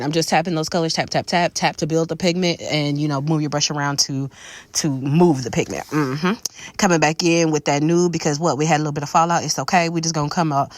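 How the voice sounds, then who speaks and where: A woman talks through a makeup tutorial in a low, easygoing voice. She keeps it chatty, calling the listener baby and y'all. The sound is close and dry. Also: no echo. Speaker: makeup creator. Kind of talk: casual makeup tutorial voice-over.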